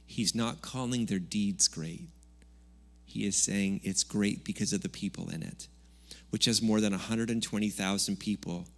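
A man's voice: fairly low pitch, normal speed. A man preaching a Sunday church sermon in a conversational, jokey way, now and then raising his voice. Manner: conversational, jokey preaching with sudden loud bursts. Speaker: pastor. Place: church service.

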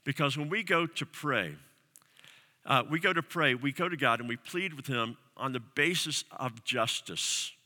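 Bright-voiced male pastor preaching in a hall. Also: mid-range voice, unhurried. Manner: earnest preaching with repeated phrases and emphatic questions. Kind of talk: sermon. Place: church sanctuary.

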